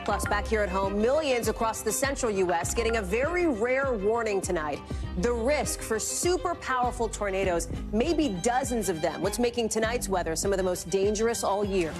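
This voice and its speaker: A woman in her thirties anchoring a live news show in a brisk, emphatic and conversational way, recorded on a studio microphone. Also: mid-range voice, animated, over music.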